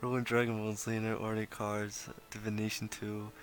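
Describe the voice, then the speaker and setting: A man narrating as game master of a tabletop game, casual and rambling, with filler pauses. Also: on the low side, completely flat delivery, crowd noise.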